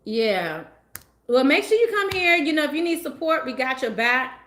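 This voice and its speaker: Animated laughing woman tarot reader. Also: sits high, normal speed, reverberant. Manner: animated, laughing, slangy and emphatic. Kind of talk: casual livestream chat.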